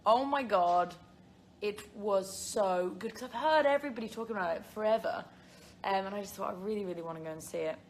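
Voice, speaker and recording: Her voice is medium in pitch and a little mellow, and she talks a bit fast over a slight hiss or hum. This young woman with a British accent hosts a phone live stream, chatting casually with viewers and rambling through fillers and giggles.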